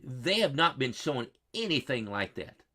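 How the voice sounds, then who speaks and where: A man's voice: mid-range voice, very animated, normal speed, sharp tone. Folksy man hosting a weather stream. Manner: folksy, repetitive, quizzes his chat. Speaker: weather livestream host. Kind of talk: live weather stream, chatting with viewers.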